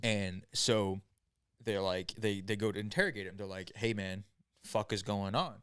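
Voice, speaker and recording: A man's voice: lowish voice, moderate pace, fairly bright tone, clean tone, dry recording. A man casually telling a grim story to friends on a podcast, rambling and profane, with many "right?"s and "like"s. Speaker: podcast host.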